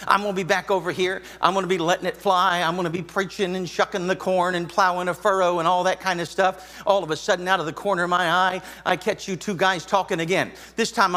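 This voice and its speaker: A man's voice: high-pitched, pushed and bright. A man preaching a sermon in a church auditorium, folksy and joking with the congregation. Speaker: pastor.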